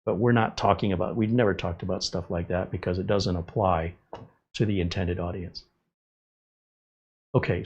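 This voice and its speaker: This tech show host has a low, slightly rough voice, captured with lo-fi sound. Running a live tech stream, he fields viewer chat in a blunt, sarcastic manner, tossing in lively asides.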